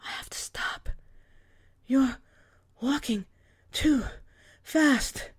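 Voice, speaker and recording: A woman voicing a breathless, hushed older mother. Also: sits low, big pitch swings, drawn-out words, breathy edge, no echo, studio quality, heavily acted. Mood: breathless denial. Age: 60s. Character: tired older mother in denial.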